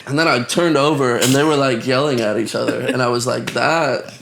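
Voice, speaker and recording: A man's voice: medium pitch, fairly quick, gravelly, a bit bright. A young man telling, for a wedding film, how he met his fiancée, easygoing and self-mocking, full of "like" and "um". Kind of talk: casual storytelling to camera. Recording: music playing behind.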